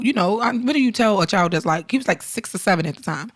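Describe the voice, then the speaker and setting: A woman's voice: on the high side, fairly quick, hardly any pauses. A middle-aged woman, co-hosting a podcast and telling family stories in casual chat, acting out dialogue and laughing often. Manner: animated storyteller, acts out dialogue, laughs often. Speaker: podcast co-host.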